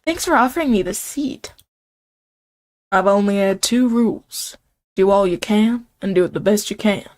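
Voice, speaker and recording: A woman voicing an earnest old Southern gentleman chef in a put-on American Southern accent, slow and folksy. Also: mid-range voice, natural voice.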